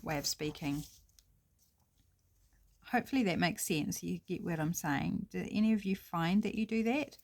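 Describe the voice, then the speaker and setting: Woman, New Zealand accent, middle-aged, lowish voice, casual crafting chat, thinking aloud. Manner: chatty, thinking aloud while working. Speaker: crafting vlogger.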